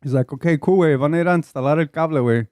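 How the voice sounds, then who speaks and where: A man with a Chicano English accent who tells a story on a podcast in a loose, profane, unhurried way, mixing Spanish slang into his English. His voice sits a little high for a man, and the sound is close and dry. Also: a little mellow, dry recording. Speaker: podcast host. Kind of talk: casual storytelling chat.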